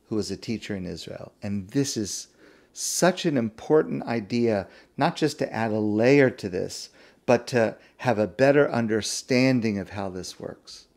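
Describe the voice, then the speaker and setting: A man's voice: medium pitch, a little mellow. A man, a rabbi, giving a weekly Torah talk, stressing key words by repeating them.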